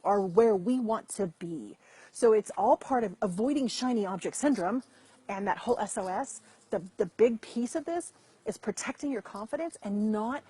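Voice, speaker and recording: Middle-aged woman host, husky and a bit high, chatty and direct with viewers on a live stream. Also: mellow, dry recording. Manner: chatty, repeats and restarts, addresses viewers directly. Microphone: computer mic over weak internet.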